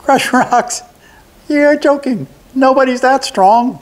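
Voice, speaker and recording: An older man voicing a tiny, squeaky male goblin in a storybook reading. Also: slow pace. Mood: boastful.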